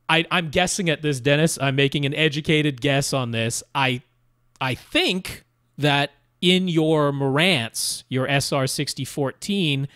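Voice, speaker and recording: A man's voice: fairly high pitch, a bit bright, no echo, studio quality. A man co-hosting a podcast, explaining equipment settings casually with fillers and restarts. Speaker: podcast co-host. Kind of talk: casual technical chat.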